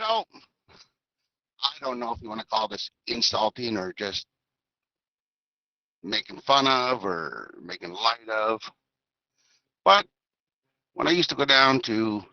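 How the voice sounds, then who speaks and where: Bright-voiced man joking in voice chat. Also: lowish voice, big pitch swings, takes it slowly, long pauses, dry recording. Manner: jokey storytelling. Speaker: trucker caller in a voice chat. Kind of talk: casual chat. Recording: lo-fi voice chat audio.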